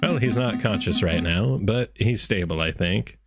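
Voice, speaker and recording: A man's voice: fairly low pitch, moderate pace, over loud music, lightly acted. A man reading a hesitant game doctor. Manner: hesitant, fumbling.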